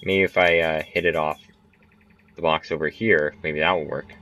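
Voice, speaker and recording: Commenting on his own gameplay in a casual, chatty way, a young man who hosts a gaming channel laughs whenever he misses a shot. His voice is extremely low with a sharp tone, fairly even intonation, and a moderate pace. The home recording sounds muffled and dry.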